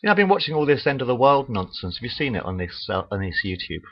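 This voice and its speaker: A man's voice: medium pitch, sing-song, fast. Rambling man on lo-fi webcam. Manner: rambling, crude, with filler "uh". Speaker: webcam vlogger telling jokes. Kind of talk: casual joke-telling monologue. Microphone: webcam mic. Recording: dull lo-fi webcam audio.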